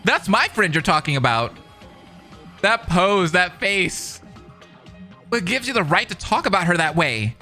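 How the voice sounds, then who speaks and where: An angry, defensive boy, voiced by a fan dubber in a fan-made game. He snaps back furiously in a bright, sharp voice. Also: medium pitch, big pitch swings, a little slow, long pauses, soft background music, heavily acted.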